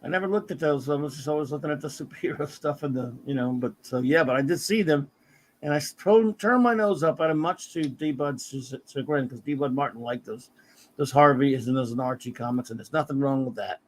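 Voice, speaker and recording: A man's voice: medium pitch, a little fast, slight background noise. A middle-aged man hosting a casual live stream, chatting about comics and thanking viewers by name. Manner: warm shout-outs to chat viewers. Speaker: host of a comics talk stream.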